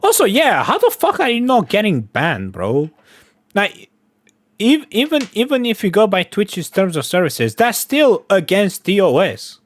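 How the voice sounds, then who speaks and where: Profane, animated man reacting dry. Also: sits high, a little slow, no echo. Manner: blunt, profane, incredulous. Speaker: reaction channel host. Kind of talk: casual reaction commentary.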